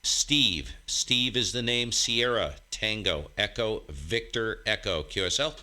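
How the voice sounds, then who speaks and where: A ham radio operator and live stream host with a low, bright, forward voice talks slowly but animatedly into a desk mic in his home radio room. Between radio contest calls he chats casually with his stream, rambling and joking at his own expense.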